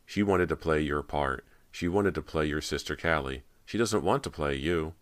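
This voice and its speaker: A man voicing a warm, outgoing teenage boy actor who talks with easy, gentle concern. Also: a bass voice, moderate pace, no room sound.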